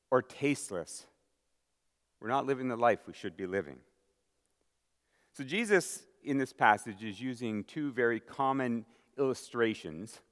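A male pastor delivers his sermon with mounting emphasis, slowing and raising his voice on key lines before dropping back to a conversational tone. His voice sits at an ordinary middle pitch. The sound rings with the long reverb of a large hall. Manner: emphatic preaching with dramatic pauses and rising volume.

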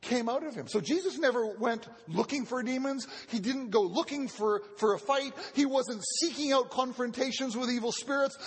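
A man's voice: very high-pitched, husky. A male pastor preaching a sermon in an earnest teaching manner, often repeating words as he restarts. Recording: long reverb of a large hall.

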